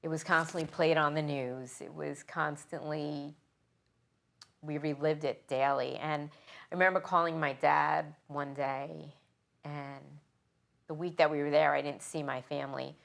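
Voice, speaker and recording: A middle-aged woman firefighter from New York, recounting her memories in an earnest, emotional, halting way during an interview. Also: deep voice, steady tone, creaky. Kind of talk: interview, personal recollection.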